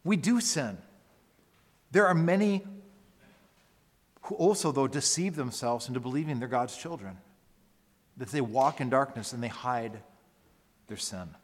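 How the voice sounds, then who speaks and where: A man's voice: mid-range voice, animated, unhurried, long pauses. A man preaching a sermon as pastor, earnest and emphatic, often repeating words as he builds a point. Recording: long hall reverb.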